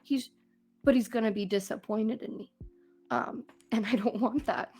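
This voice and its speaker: A chatty young woman co-hosts a casual podcast. She tells stories in an animated way and laughs often. Faint music sits quietly behind her voice. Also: on the high side, moderate pace, breathy edge. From Minnesota. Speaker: podcast co-host. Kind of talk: casual chat.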